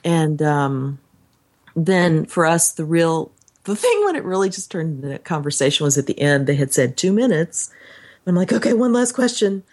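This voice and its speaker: A woman's voice: sits low, moderate pace, a little mellow. A woman co-hosting a podcast, telling a story in a casual chat and acting out the quotes she tells. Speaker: podcast co-host.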